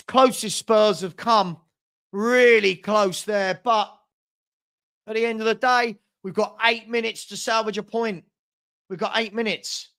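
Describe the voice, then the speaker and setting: High-voiced man, young, angry live watchalong rant, indignant and insulting. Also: fairly bright tone. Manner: heated, insulting, indignant ranting. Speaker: host of a football watchalong.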